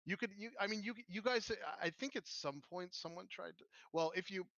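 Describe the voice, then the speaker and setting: A man's voice: high-pitched, brisk, a bit bright, no echo. A man narrating as game master for a tabletop game, rambling with many restarts. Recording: dull lo-fi audio.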